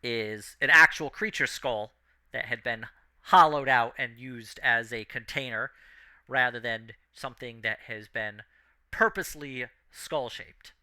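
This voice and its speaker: A man running a tabletop game, steadily describing scenes with the odd "um" along the way. His voice is very bright and crisp, and it cuts clean through the narration. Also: medium pitch, measured pace. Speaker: game master.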